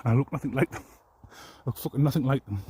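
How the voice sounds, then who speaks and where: A man's voice: medium pitch, quick pace, warm tone, husky. A man ranting angrily to the camera in a rambling, profane, aggrieved way. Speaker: vlogger. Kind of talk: angry personal rant.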